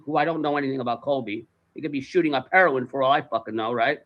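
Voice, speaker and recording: A man tells a story in an animated, profane way. He acts out every voice in it, and his voice sits a little high. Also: fast talker. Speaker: guest storyteller. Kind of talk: casual anecdote.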